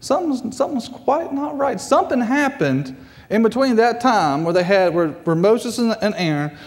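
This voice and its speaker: Man, guest preacher, high pitch, reverberant sanctuary. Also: normal speed. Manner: repeats phrases, animated pitch swings. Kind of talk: sermon. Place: church sanctuary. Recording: church hall reverb.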